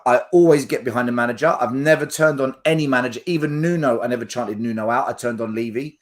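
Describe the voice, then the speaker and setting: Blunt, emphatic podcast host man. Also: mid-range voice. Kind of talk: casual podcast chat.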